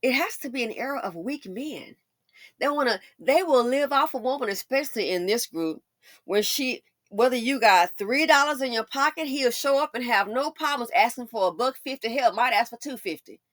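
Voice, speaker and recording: A woman delivers opinionated celebrity commentary with sass and mocking asides. Her pitch rises and falls in a lively way, sitting a bit high, and the recording is close and dry. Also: normal speed, dry recording. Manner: sassy, emphatic, mocking asides. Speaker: commentary channel host.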